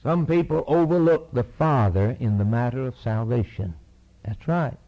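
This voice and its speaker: A man's voice: mid-range voice, normal speed, lo-fi sound. A man preaching a sermon, reading scripture aloud and driving points home through repeated phrases.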